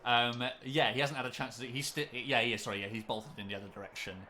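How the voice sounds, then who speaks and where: Bright-voiced man running a tabletop game. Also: medium pitch, fast talker, slight background noise. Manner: hesitant, lots of ums and restarts. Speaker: game master.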